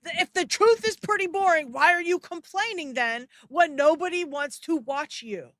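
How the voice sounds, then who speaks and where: A woman's voice: extremely high pitch, normal speed, a bit bright, no room sound, clean studio sound. A young woman hosting a live stream, ranting bluntly and profanely in reaction to a clip. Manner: heated ranting at chat.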